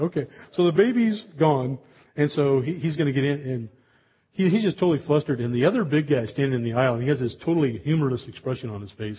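A man preaches to his congregation in a relaxed, storytelling way, sprinkling in jokes and casual asides. His voice has a slightly husky edge at a middling pitch. The recording sounds dull and lo-fi. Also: a little fast. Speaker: pastor. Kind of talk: sermon.

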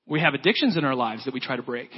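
Earnest preacher in an echoing hall. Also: male voice, mid-range voice, animated, rapid-fire, slightly rough. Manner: storytelling, acts out quoted lines, earnest. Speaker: pastor. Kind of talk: sermon. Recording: dull lo-fi sound with long church reverb.

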